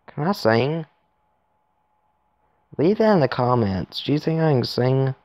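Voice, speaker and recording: A man's voice: mid-range voice, lively intonation, unhurried, pauses often, dry recording, dull audio. A man giving rambling, casual commentary to his viewers while playing a phone game, recorded on his phone. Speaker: gaming YouTuber.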